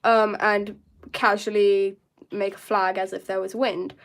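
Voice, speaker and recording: A woman's voice: mid-range voice, little pitch movement, measured pace. A young woman chatting through a live drawing tutorial, rambling and joking with her chat. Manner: chatty, self-mocking asides to chat. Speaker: art streamer.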